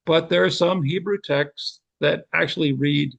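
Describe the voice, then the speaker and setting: A gravelly, slightly husky older man leads a Bible seminar. He speaks slowly and deliberately, pausing between phrases. His voice sits a bit higher than most men's. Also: steady tone, fairly bright tone, muffled recording. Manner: slow, measured, deliberate explanation. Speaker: teacher.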